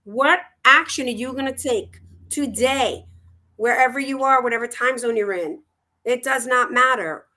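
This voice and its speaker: A woman's voice: a little high, moderate pace, pushed and bright. A woman co-hosting a talk show, emphatic, repeating questions to her audience. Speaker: co-host. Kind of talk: casual talk-show conversation.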